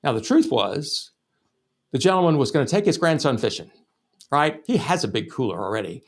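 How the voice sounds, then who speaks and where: A man's voice: mid-range voice, big pitch swings, moderate pace. Casual, cursing male sales trainer. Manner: casual, profane, anecdotal. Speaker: sales trainer and podcast host. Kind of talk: storytelling lesson.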